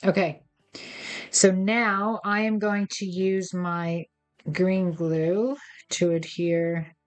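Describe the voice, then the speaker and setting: A woman's voice: lowish voice, little pitch movement, extremely slow, faint music behind. A woman hosting a craft tutorial, chatty and playful as she talks viewers through each step. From United States. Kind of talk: casual step-by-step craft demonstration.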